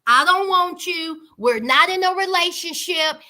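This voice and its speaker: A woman voicing a blunt young man who flatly brushes off a date and keeps repeating himself. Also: very high-pitched, unhurried, heavily acted. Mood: dismissive.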